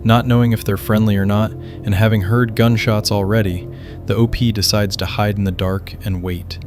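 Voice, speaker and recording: Guy narrating spooky stuff, kinda low voice, calm and even, faint music behind. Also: normal speed. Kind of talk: scripted narration.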